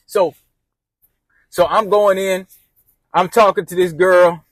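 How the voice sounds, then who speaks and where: A man's voice: high-pitched, steady tone, takes it slowly, dry recording. A man telling a rambling personal story casually, repeating and restarting phrases as he goes.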